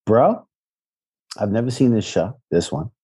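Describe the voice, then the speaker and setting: Animated, profane man with a husky voice. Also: on the low side, measured pace. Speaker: podcast co-host, former cast member. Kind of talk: casual chat.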